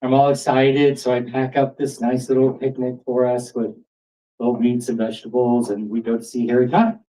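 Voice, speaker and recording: Excitable man telling a story on stage. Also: medium pitch, fairly quick, far from the mic, poor audio. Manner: animated, builds excitement. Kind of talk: live storytelling. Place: pub stage before an audience.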